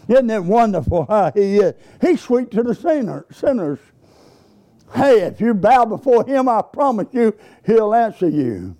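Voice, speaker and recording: A man's voice: high voice, sing-song, normal speed. A man preaching a sermon, telling folksy stories and rising into bursts of praise. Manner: folksy storytelling, rising to exuberant shouts of praise. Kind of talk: sermon with storytelling.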